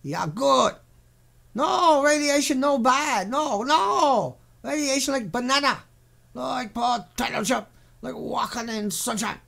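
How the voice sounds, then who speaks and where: A man's voice: very high voice, lively intonation, slow, gravelly, bright, forceful tone, pitched above the performer's own voice, full character voice. A man voicing a pushy male recruiter who lures workers off the street with broken, falsely reassuring talk. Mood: coaxing.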